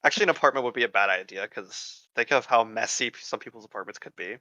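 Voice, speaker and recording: A man co-hosting a casual gaming podcast, excitable and quick to exclaim. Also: fairly low pitch. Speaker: podcast co-host.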